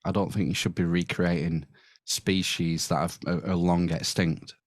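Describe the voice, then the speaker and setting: Guest: man, lowish pitch, dry mic, thoughtful and wry. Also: fairly even intonation, normal speed, no room sound. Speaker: podcast guest. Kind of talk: casual podcast chat.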